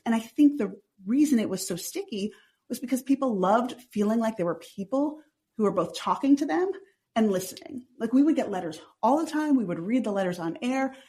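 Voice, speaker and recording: A woman, chatting as a podcast guest and saying "like" constantly. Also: mid-range voice. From Long Island, New York. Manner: says "like" constantly, chatty and animated. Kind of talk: casual chatty interview.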